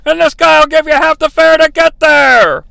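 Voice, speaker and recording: A man voicing an exasperated, jokey male wrestling commentator who exclaims in a drawn-out way. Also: extremely high pitch, vocal fry, bright, forceful tone, no room sound, voice pushed up, exaggerated voice.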